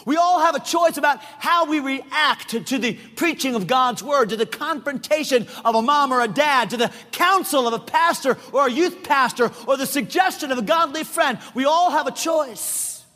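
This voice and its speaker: A middle-aged male pastor preaching a sermon, emphatic, often shouting and repeating phrases for effect. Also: extremely high pitch, moderate pace, few pauses. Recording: long reverb of a large hall.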